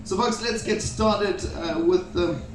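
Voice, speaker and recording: A man's voice: high voice, a little slow, slight background noise. A man from South Africa working as a cruise director, hosting on stage with upbeat jokes for the audience. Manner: upbeat showman, jokes with the crowd. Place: cruise ship theatre stage. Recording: echoey hall from far off, crowd and music.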